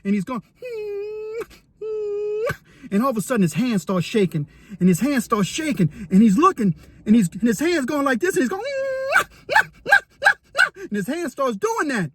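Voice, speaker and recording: A man telling a story about his time in prison, animated and dramatic, acting out what he saw. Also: extremely high pitch, fairly quick, breathy edge. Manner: animated, vivid, dramatic retelling. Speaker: storyteller, former inmate. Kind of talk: casual storytelling to camera.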